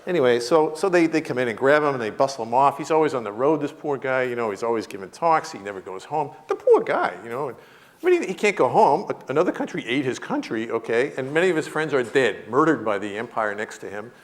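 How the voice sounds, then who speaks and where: A man's voice: mid-range voice, expressive, quick pace. A man in his fifties giving a university lecture as a comic storyteller, acting out the voices in his anecdotes and laughing often. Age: 50s. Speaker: guest lecturer.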